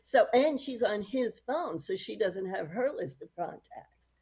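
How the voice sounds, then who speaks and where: A middle-aged woman author recounts stories in a relaxed interview. Her voice is dark and mellow, with a gravelly fry and a husky edge, and she breaks into frequent laughter. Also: medium pitch, a little slow. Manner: lively storyteller, laughs often. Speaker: author, guest. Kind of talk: casual storytelling interview.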